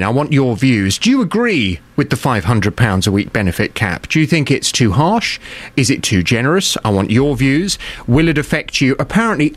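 A man presenting radio, dry and self-deprecating in banter, then trailing his phone-in. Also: mid-range voice. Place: radio studio.

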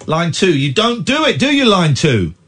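Male late-night radio host, husky and animated, indignant ranting. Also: high-pitched, moderate pace.

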